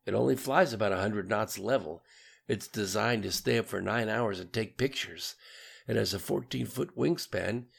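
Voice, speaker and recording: A man's voice: on the low side, normal speed, gravelly, slightly rough, exaggerated voice. A man voicing a focused, matter-of-fact male drone operator in an audiobook. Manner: matter-of-fact technical talk.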